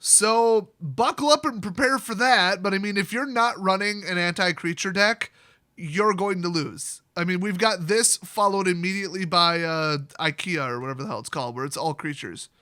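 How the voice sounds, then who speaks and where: A man with a high, bright voice rants through a comedic card-review vlog. He is sarcastic and quick with jokey asides. The sound is dry and close. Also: no echo. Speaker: card game video host.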